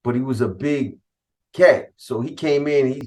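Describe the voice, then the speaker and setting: A middle-aged man from California tells a story from his past in loose, profane street slang. He acts out the other people's lines as he goes, and his voice sits in an ordinary middle pitch. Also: measured pace, darkish tone. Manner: street slang, cursing, quotes others in dialogue. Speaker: host telling a personal story. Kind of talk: casual storytelling.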